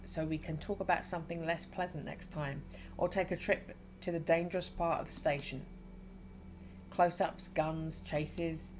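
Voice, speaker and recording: A woman streamer reading a game's dialogue aloud and reacting with excited squeals between calmer reading. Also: on the low side, a little hiss or hum.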